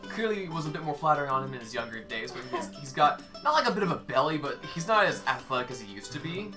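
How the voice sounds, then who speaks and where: A woman with a very low voice runs a tabletop game, narrating casually with lots of fillers. Music plays behind her. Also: very animated, fast. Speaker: game master. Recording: background music.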